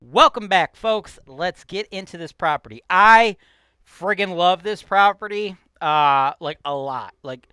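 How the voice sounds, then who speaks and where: High-pitched and sharp yet clear and resonant, this Cleveland-accented host from Cleveland, Ohio rants through his real estate show at a measured pace. He's brash and foul-mouthed, constantly tossing in "right?", in a casual vlog style.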